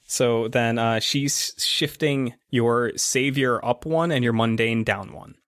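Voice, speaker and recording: A man narrating and running a tabletop role-playing game as game master, in a chatty, relaxed way. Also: medium pitch, takes it slowly, dry recording, clean studio sound.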